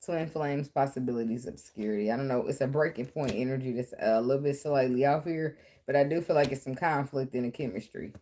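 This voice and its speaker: A woman's voice: extremely low pitch, fairly quick, mellow, a little hiss or hum. A woman giving a casual tarot reading, talking bluntly with profane, chatty asides. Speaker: tarot reader.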